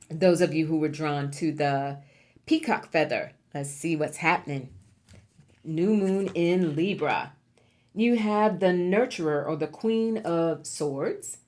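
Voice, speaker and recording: A woman's voice: fairly low pitch, darkish tone. A woman giving a pick-a-card tarot reading to viewers, encouraging and emphatic, repeating key words for effect. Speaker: tarot reader.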